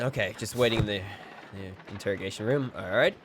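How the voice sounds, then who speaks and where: A man livestreaming a video game, commenting casually and excitedly, joking and talking to his chat. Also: fairly low pitch, brisk, noisy background. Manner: excitable, jokey, talks to chat. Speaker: game streamer. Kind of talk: casual live gameplay commentary.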